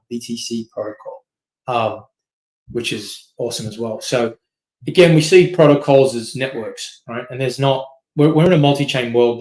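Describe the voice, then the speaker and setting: Guy running through slides in a loose presentation, lots of ums and "right?", middle-pitched voice. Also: poor audio. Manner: quick, loose, filler-heavy, keeps asking "right?". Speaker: company CEO giving a masterclass. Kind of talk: casual presentation talk.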